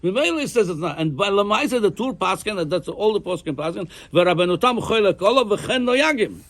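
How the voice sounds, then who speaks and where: Animated rabbi with a high lively voice. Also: male voice, fairly quick. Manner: animated, repeats words while thinking, mixes Hebrew and Aramaic terms. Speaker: rabbi teaching halacha. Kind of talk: Torah class lecture.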